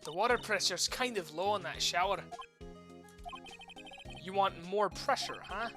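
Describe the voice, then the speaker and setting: A woman voicing a dry, sarcastic young male defense lawyer, lowering her voice. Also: unhurried, over music, close to an everyday voice. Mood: deadpan. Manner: deadpan, sarcastic.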